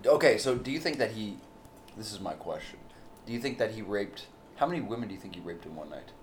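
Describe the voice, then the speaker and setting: A man's voice: on the low side, big pitch swings, fast talker, slight background noise. A man co-hosting a podcast, bantering crudely and rambling with many restarts. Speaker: podcast co-host. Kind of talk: casual banter.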